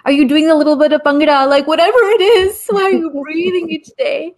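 A woman in her forties with a slightly high voice, speaking earnestly and with passion. She tells her story in a rhythmic, repetitive cadence, often returning to the same phrases. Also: fairly even intonation, fairly quick. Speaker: guest speaker, activist. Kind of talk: impassioned storytelling in conversation.

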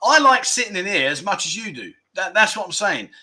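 An English man hosts a casual livestream from indoors at home, chatting and reading viewer comments in a rambling, self-deprecating way. His voice sits high with big pitch swings, moving fairly quickly with a bright, forceful tone.

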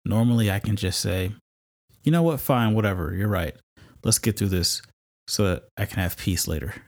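Man, podcast host, deep voice, chatty faith testimony, loose storytelling with fillers. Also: moderate pace. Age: adult, married with kids. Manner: conversational, storytelling with laughs and fillers.

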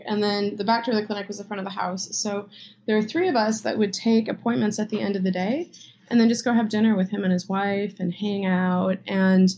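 A woman's voice: mid-range voice, darkish tone, no echo. A woman guest telling a personal story and explaining with analogies in a casual interview. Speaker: acupuncturist guest.

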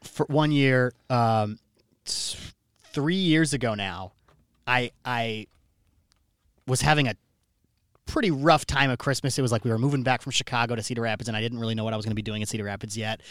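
A man's voice: medium pitch, brisk, dry recording. Man hosting a casual podcast, dry close mic. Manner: rambling, storytelling with many restarts. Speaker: podcast host. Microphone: studio microphone.

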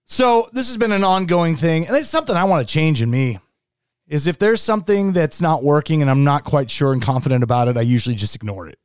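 A man co-hosting a podcast in casual chat, with a relaxed, storytelling manner. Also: fairly high pitch, fast, clean tone, no room sound, clean studio sound. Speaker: podcast co-host.

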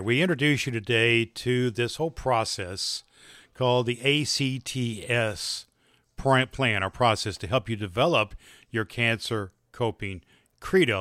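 A man's voice: fairly low pitch, a bit bright, dry recording, studio quality. A man hosting and teaching an online course in a loose, rambling way, telling jokes and stories. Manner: rambling, loose, with fillers and restarts. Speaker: host and doctor teaching a course. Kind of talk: casual spoken lesson.

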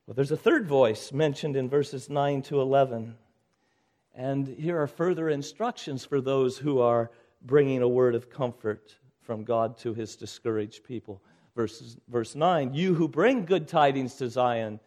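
A male pastor preaching a sermon with urgent exhortation, rising to loud calls and dropping to hushed lines. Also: medium pitch, measured pace.

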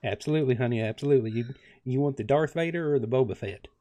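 A drawling Southern mother, fussing over everyone at the dinner table, as a man puts her on. Her voice sits at an ordinary pitch, warm with endearments and quick to boss people around. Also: a crowd in the background, natural voice. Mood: doting. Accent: American Southern, put on. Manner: drawling, endearments like sweetie and honey. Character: fussy Southern mother, middle-aged woman, doting.

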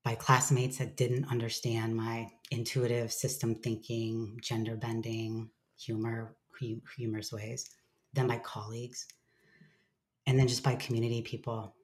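Unhurried and level in tone, this woman speaks in an unusually deep, darkish voice while sharing openly and thoughtfully in an interview. Casual swearing comes easily to her, and she switches to playful voices to quote things she tells herself.

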